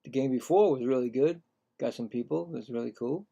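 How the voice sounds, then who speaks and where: A man's voice: mid-range voice, brisk, vocal fry, slightly rough, dull audio. A man streaming casual live play-by-play commentary, tired and yawning, chatting in rambling asides between calls. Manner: livelier and louder on the calls.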